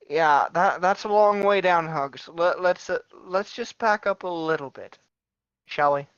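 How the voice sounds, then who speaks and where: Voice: mid-range voice, a little slow, fairly bright tone, smooth, no echo, dull audio. A player in a tabletop game, often stammering and restarting.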